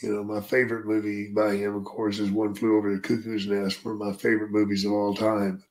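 A man's voice: fairly low pitch, monotone, a little fast. An older man, a retired wrestler, telling stories in a casual, profane, drawling way. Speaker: podcast guest, retired wrestler. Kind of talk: casual storytelling.

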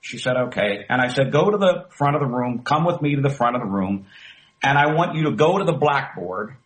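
A middle-aged man, a former talk radio host, telling a story in an interview with emphatic, animated delivery. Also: medium pitch, a little fast, low-quality recording. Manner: animated, emphatic storyteller who acts out quoted dialogue.

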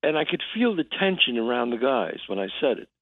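A man with a gravelly voice, a guest actor telling a story in a halting way, full of restarts. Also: sing-song, no room sound. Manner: halting, restarts often, acts out quotes in a low voice. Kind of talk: casual storytelling interview. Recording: tinny phone line.

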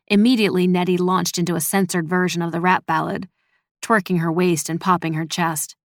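Woman reading a story, lowish gravelly voice, steady pace. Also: brisk, no echo, studio quality. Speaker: narrator. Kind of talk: scripted audiobook narration.

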